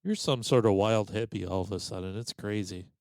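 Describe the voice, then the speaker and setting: A man's voice: lowish voice, a little fast, a little mellow. A man hosting a comedy podcast, ribbing his co-host with sarcastic, mock-indignant banter.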